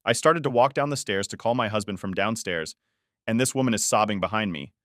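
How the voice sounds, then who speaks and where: A man reading an online post aloud as a story narrator, in a steady, even reading voice. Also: fairly low pitch, a little fast, dry recording, studio quality.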